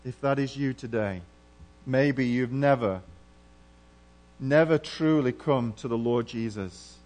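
A middle-aged man preaching a sermon earnestly, moving between hushed and emphatic passages. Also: mid-range voice, slow pace. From England.

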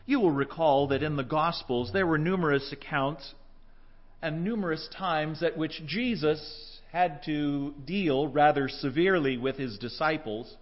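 A man preaching a sermon, telling stories with animation and acting out the voices he quotes. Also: on the high side. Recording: dull lo-fi recording.

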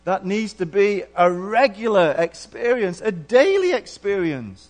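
Earnest preacher, high-pitched man. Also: big pitch swings, measured pace, hardly any pauses. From England. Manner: earnest, with big swings between hushed and emphatic. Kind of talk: sermon.

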